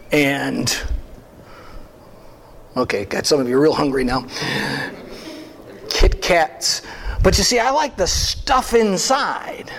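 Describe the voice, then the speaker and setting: A man preaching a sermon as pastor, animated and full of rhetorical questions and asides to the congregation. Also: extremely high pitch. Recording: long hall reverb.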